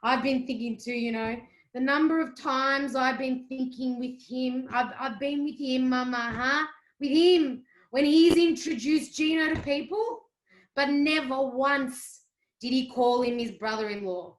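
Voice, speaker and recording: A woman's voice: high voice, measured pace. A woman reading the part of a bitter young wife, sarcastic and heated. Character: bitter pregnant Italian-Australian young wife. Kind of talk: cold-read play reading. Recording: roomy echo.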